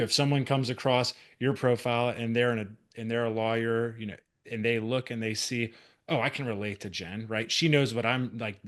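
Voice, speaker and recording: A man hosts a relaxed interview, joking and friendly. He often restarts his sentences mid-thought. His voice sits at a middle pitch. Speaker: podcast host. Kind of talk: casual podcast interview.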